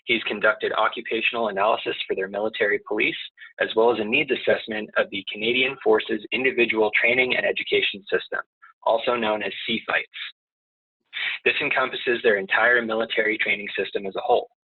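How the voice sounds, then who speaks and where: A man's voice: fairly low pitch, fairly even intonation, a little fast, breathy edge. A man hosting a webinar, reading out a speaker's introduction. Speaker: chapter host. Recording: tinny phone-like line.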